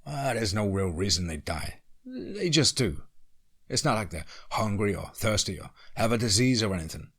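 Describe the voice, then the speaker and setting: An uneasy young rancher with an American country drawl, as a husky-voiced narrator puts him on, fumbling for words and dodging questions. His low voice has a bright, sharp edge and a breathy grain. He sounds like a character in a spoken horror story. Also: very animated, moderate pace, full character voice. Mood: hesitant.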